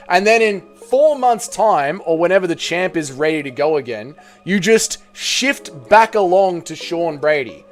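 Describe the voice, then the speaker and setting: Aussie guy running a live stream, talks fast and loose, reads out chat, swears a bit, slightly high voice. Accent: Australian. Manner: animated, reads and answers viewer chat, swears casually.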